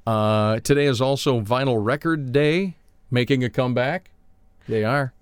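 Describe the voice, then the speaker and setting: An American man hosts a casual morning radio show, joking around and doing silly voices as he reads the day's history. His voice is mid-range and smooth, with a measured pace and no echo.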